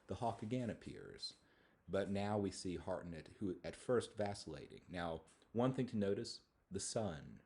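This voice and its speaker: A male university lecturer giving a thoughtful academic talk on poetry, often pausing and restarting his phrases. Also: sits low, mellow. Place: lecture hall.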